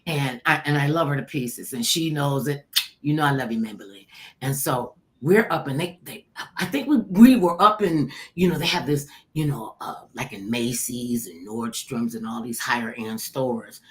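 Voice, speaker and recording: Low-voiced older woman telling a lively story. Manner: animated, acts out quoted voices, laughs. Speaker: talk show host telling her story. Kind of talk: casual storytelling chat.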